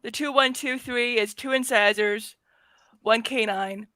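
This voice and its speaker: A woman co-hosting a casual podcast, calmly explaining science step by step. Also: a little high, a little slow, no room sound. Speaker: co-host.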